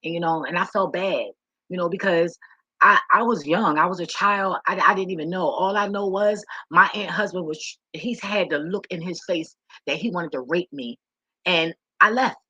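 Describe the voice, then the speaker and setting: Woman vlogging her life story, blunt and sweary, bright forceful tone, dry close sound. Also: on the low side, moderate pace, breathy edge, no room sound, low-quality recording. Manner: frank, profane, repeats words when emotional. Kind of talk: candid personal storytelling to camera.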